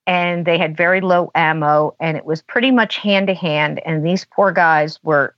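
A woman's voice: sits low, steady tone, normal speed, no room sound. A woman guest on a podcast, telling a long story in a chatty way and saying "you know" a lot. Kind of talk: casual storytelling. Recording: dull lo-fi dry sound.

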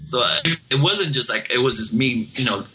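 A man calling in to tell a ghost story in a casual, halting way, often repeating words and restarting sentences. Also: medium pitch, expressive, over music, rough recording. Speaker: caller telling ghost stories.

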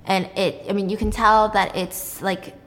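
A young woman recapping a show in a casual, animated, chatty way, acting out the drama as she goes. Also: mid-range voice, unhurried. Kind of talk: casual chat. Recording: long reverb.

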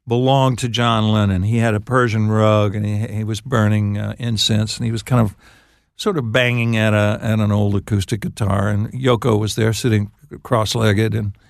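An older man, a songwriter guest on an interview show, telling stories in a halting, laughing way. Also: fairly low pitch, little pitch movement, vocal fry, no echo, clean studio sound. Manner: halting, restarts phrases, laughs while telling. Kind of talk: casual storytelling interview.

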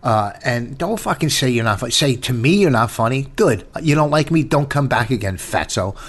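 A man's voice: mid-range voice, animated, moderate pace, fairly bright tone. A middle-aged man, a stand-up comedian, telling stories on a casual podcast in a blunt, profane way, full of restarts.

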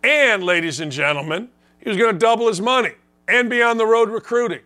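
A man's voice: high-pitched, brisk, bright, forceful tone. A man from Indiana hosting a sports talk show, delivering a blunt, sarcastic, opinionated rant. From Gary, Indiana, US.

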